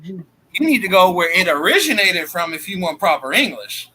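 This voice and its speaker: A man's voice: sits high, lively intonation, normal speed, pushed and bright, slightly rough, poor audio. A man from Ohio with a Southern US accent, chatting bluntly and swearing casually as a co-host. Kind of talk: casual chat on a livestream.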